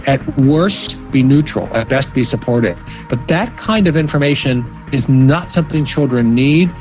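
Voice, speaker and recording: A man speaking as a psychologist guest in an interview, giving measured advice and often repeating words as he thinks. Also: mid-range voice, darkish tone, muffled recording. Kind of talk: interview answers.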